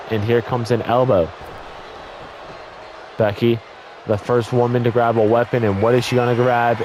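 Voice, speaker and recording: A young man giving casual play-by-play commentary on a wrestling video game, excitable, blurting exclamations and correcting his own slips, his voice a little worn. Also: medium pitch, background noise. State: voice getting worn from talking.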